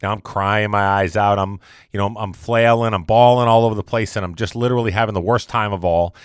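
A man's voice: fairly low pitch, steady tone, fast talker, clear, resonant tone, dry recording, studio quality. A man giving a casual motivational monologue, rambling and repeating himself as he talks. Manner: rambling and repetitive, conversational.

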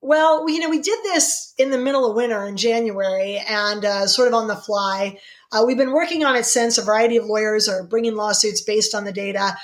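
A middle-aged woman speaks as an interview guest in a somewhat high voice. She sounds fervent and indignant, and her pitch leaps upward whenever she drives a point home. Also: brisk. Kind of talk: impassioned interview answers.

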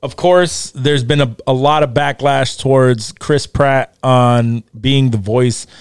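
A man's voice: mid-range voice, fairly even intonation, takes it slowly, clean tone, no room sound, clean studio sound. A man hosting a podcast, chatting casually with friends, laughing often and swearing freely. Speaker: podcast host.

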